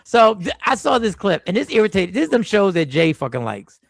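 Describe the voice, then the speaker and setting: A man hosting a casual podcast chat, talking in an animated, emphatic way with frequent restarts. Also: sits high, fairly quick, creaky, no room sound. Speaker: podcast host.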